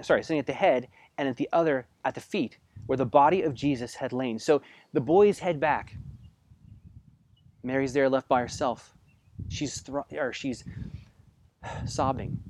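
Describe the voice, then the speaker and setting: A man preaching a sermon in a conversational way, asking his listeners direct questions and swinging between hushed passages and loud, emphatic bursts. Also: medium pitch. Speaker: pastor.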